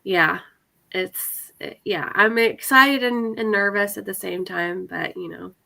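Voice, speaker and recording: This readathon participant, a young adult woman, speaks in a medium-pitched, creaky voice that sounds pushed and bright, a little slow. She laughs and uses plenty of fillers while chatting casually with friends over a video call.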